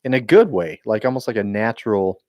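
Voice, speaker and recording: A man co-hosting a podcast, relaxed and conversational while reviewing beer with a friend. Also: on the low side, fairly quick, no echo, lo-fi sound. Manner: laid-back, relaxed, conversational. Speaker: podcast co-host. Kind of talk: casual beer review chat.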